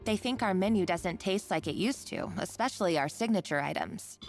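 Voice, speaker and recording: A woman's voice: mid-range voice, expressive, a little fast, lightly acted. A woman voicing a concerned young female colleague in a game, speaking earnestly and thoughtfully over game music. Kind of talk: game dialogue.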